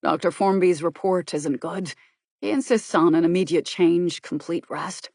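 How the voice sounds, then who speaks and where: A woman voicing a controlled, serious man who speaks in an earnest, measured way and is quietly worried and persuasive, for an audiobook. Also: on the low side, no room sound, studio quality, close to an everyday voice.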